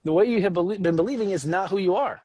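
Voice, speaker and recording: A man co-hosting a casual spiritual talk about astrology, animated and joking. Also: fast, dry recording. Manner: animated, jokes, acts out voices with big pitch jumps. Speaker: astrology show co-host.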